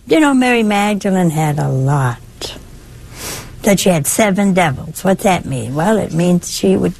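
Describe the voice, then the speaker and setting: An older woman preaches in an easy, conversational way. Her voice is husky and a little breathy. It swings up high and drops low as she makes her points. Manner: lively, conversational, with wide swings in pitch. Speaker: religious speaker. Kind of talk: sermon-style talk.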